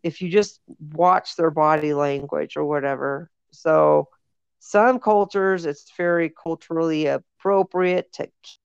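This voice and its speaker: A woman's voice: low voice, measured pace, gravelly, smooth, no echo. A woman co-hosting a podcast, telling rambling stories in casual chat with lots of fillers. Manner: rambling storyteller, many fillers. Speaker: podcast co-host. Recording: dull lo-fi dry recording.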